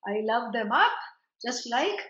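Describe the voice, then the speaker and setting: A woman teaches scripture in a chatty, digressive way, dropping asides as she goes. Her voice sits high, and the sound is roomy and somewhat dull, like a lo-fi recording of a lecture. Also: sing-song, measured pace, fairly bright tone. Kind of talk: spiritual lecture.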